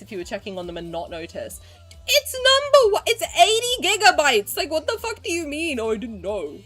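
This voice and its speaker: Lively, animated woman streamer in her twenties. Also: medium pitch. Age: 20s. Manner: animated, profane, swings from mumbling asides to loud outbursts. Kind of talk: casual stream chat, reading and answering chat.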